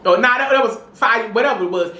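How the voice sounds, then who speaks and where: A woman co-hosting a podcast, telling animated, profane stories full of "you know what I'm saying.". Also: a little high, fast, reverberant. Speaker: podcast co-host. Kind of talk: casual chat.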